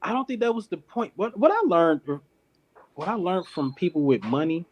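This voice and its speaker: This Detroit man, founder of a clothing company, tells a long story as a podcast guest, laughing often and acting out what other people said. His voice sits high and sing-song at a moderate pace, and the audio is dull.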